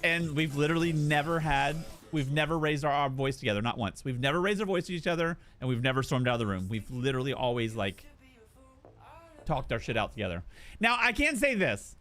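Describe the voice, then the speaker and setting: A man's voice: mid-range voice, a little fast, faint music behind. A young man chatting casually on a game live stream, telling stories with playful jokes and acted-out voices. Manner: animated storyteller who acts out voices and jokes.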